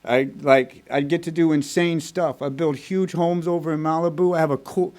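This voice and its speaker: A man from Texas telling his recovery story to a meeting in a blunt, profane, fast-moving way. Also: a little high, steady tone, a little mellow. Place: recovery group meeting room.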